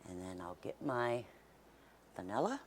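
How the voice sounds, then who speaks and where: A woman's voice: extremely low pitch, big pitch swings, unhurried, a little hiss or hum. Woman, home-cooking host, folksy and chatty, drifts into near whispers, kitchen setting. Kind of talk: casual cooking demonstration.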